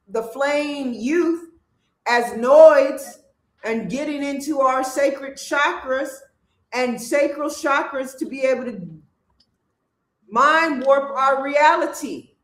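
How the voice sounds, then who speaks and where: A livestream host giving an emphatic, preachy spiritual monologue that builds to loud declarations. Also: high-pitched, slow pace. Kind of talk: spiritual talk show monologue. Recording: echoey room with faint background noise.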